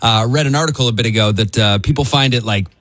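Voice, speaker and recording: A man's voice: mid-range voice, quick pace, fairly bright tone, no room sound. A man hosting a morning radio show, chatty and joking with callers. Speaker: radio host.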